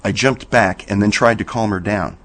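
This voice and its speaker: A man reading a horror story aloud in a slow, measured storytelling manner. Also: lowish voice, steady tone, fairly bright tone. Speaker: narrator. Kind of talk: scripted horror narration.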